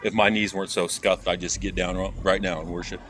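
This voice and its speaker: A man's voice: low-pitched, little pitch movement, quick pace. Rambling man streaming from noisy street. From Kansas, USA. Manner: rambling, profane, talks straight to chat. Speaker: IRL streamer. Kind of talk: casual live-stream chat while walking. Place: outdoors on city streets. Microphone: handheld phone. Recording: phone stream with loud street noise. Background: traffic and street noise.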